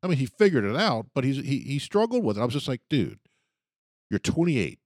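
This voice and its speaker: A man's voice: mid-range voice, sing-song, fast, dry recording, studio quality. A man in a casual chat telling anecdotes and laughing as he goes.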